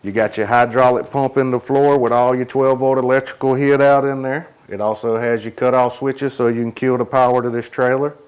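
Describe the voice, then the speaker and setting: Smooth-voiced man giving a trailer tour. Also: mid-range voice, fairly even intonation, fairly quick, few pauses, a little mellow. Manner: easygoing, matter-of-fact listing of features. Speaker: trailer salesman giving a product walkthrough. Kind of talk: casual product tour. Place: beside and inside a cargo trailer.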